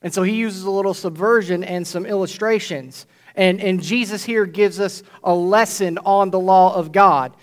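A man's voice: sits high, fairly even intonation, moderate pace. A male pastor preaching a sermon to his congregation in a conversational way, often checking in with "right?". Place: church before a congregation.

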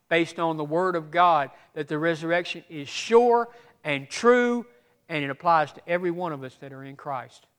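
A man preaching a sermon as pastor, swinging from loud emphatic preaching to hushed asides. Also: a little high.

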